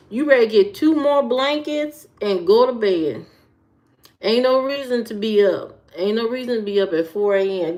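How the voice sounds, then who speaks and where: A woman's voice: fairly high pitch, a little mellow. A woman from the American Midwest hosting a livestream, chatting casually with viewers, repeating herself and answering comments. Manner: chatty, repeats herself, talks to chat by name. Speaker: livestream host.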